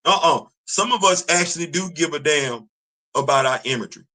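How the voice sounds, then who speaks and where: A man's voice: on the high side, brisk, bright, forceful tone. A man, ranting to camera in a casual opinion video, scolding and repeating himself. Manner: preachy, repetitive, scolding. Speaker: video commentator.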